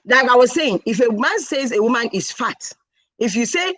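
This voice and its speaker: A middle-aged woman, a wife and mother, telling animated stories and acting out dialogue. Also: a little high, brisk, no room sound. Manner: acts out dialogue, quoting herself and her husband. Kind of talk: animated personal storytelling.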